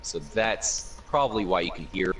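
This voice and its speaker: Man, host, casual gaming chat, very low voice, distant mic, faint hiss. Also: expressive, moderate pace, a bit bright. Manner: upbeat, addresses guests and viewers directly. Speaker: show host. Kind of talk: casual group gaming discussion.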